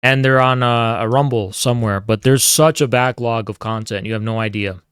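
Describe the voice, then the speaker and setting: A man's casual streaming rant, as host of a livestream, is loaded with swearing and mock-grandiose taunts. He speaks at normal speed in a mid-range, smooth, fairly bright voice with fairly even intonation, in a clean studio with no room sound.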